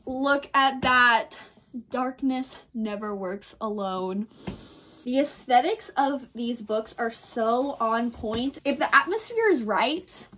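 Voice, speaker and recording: A young woman hosting a casual reading vlog, talking in a gushing, excitable way. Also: a little high, slow, hardly any pauses, slight background noise. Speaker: book vlogger.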